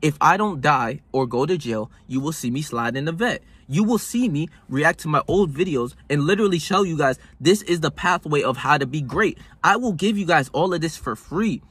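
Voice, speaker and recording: Husky, slangy young man ranting. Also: fairly high pitch, lively intonation, moderate pace, hardly any pauses, a bit bright. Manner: slangy, swearing, restless restarts. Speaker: vlogger. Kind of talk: casual motivational monologue. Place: hot room.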